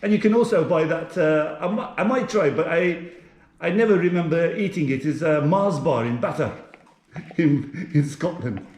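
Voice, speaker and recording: Cooking at home on the hob, a man from England talks to his viewers in a casual vlog as food sizzles and fries. His voice is on the high side and a little mellow, at a moderate pace, in a reverberant room.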